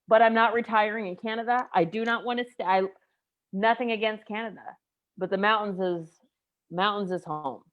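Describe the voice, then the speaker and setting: Animated woman in her forties. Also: medium pitch, brisk, muffled recording. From United States. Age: 40s. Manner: animated storytelling, emotional and laughing. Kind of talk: casual group chat.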